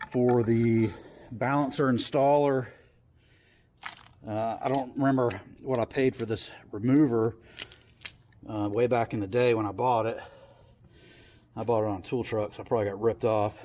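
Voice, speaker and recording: Man, mid-pitched, easygoing garage how-to talk with lots of ums, a faint hum of ambience behind him. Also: a little mellow. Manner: loose and chatty, lots of fillers. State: out of breath from heavy wrenching. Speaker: car hobbyist showing an engine install. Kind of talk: casual workshop how-to.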